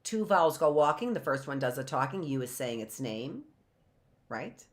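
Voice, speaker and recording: A woman teaching a phonics lesson, sounding out words slowly and repeating them, with playful asides. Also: a bass voice, big pitch swings. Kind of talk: phonics lesson for live online class.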